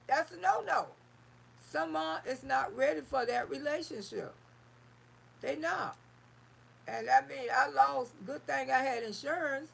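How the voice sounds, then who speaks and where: A woman hosting a live stream, telling a personal story in an animated, casual way and calling listeners honey. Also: high voice, creaky.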